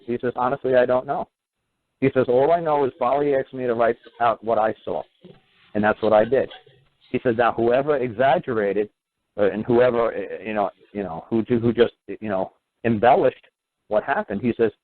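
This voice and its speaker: Male talk host, casual storyteller, does the voices of the people he quotes, phone-line thin sound. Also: brisk. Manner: animated, acts out quoted voices with rising pitch.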